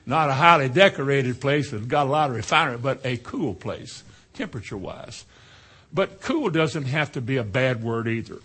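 A man's voice: mid-range voice, a bit bright, husky. A man preaching a sermon in a folksy way, now and then mimicking slang with a laugh.

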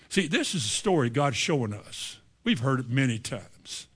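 A male pastor preaching an animated, storytelling sermon in a church, often acting out the voices. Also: mid-range voice, normal speed, few pauses, husky.

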